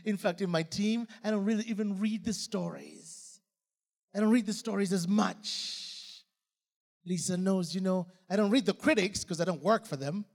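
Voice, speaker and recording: A man preaching a sermon in an emphatic, repetitive style, with sudden bursts of loud emphasis. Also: sits high, normal speed, vocal fry. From Uganda. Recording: reverberant hall.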